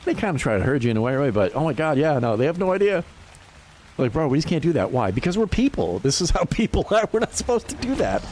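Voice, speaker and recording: A man's voice: on the high side, fast. A man in his fifties chatting casually as a livestreamer, swearing freely and laughing often. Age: 50s. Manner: animated, profane, laughs often. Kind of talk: casual chat.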